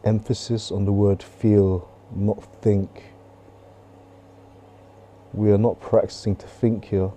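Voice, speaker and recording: A qigong teacher talks his class through stretches and breathing, calm and patient, coming back to the same gentle cues. His voice sits a little low and mellow. It is caught on a close mic while he moves, with a faint hiss underneath. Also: slow, pauses often. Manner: calm, coaching with gentle repetition. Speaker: qigong instructor. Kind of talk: guided movement and breathing class. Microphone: close clip-on mic while moving.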